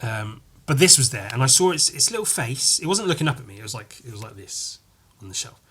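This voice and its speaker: A man with a bright, forceful voice and a middling pitch hosts his own comedy podcast. He rambles through a story, keeps backtracking and correcting himself, and tosses in crude asides along the way. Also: big pitch swings, brisk, breathy edge. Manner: meandering, self-correcting, crude jokes. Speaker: podcast host.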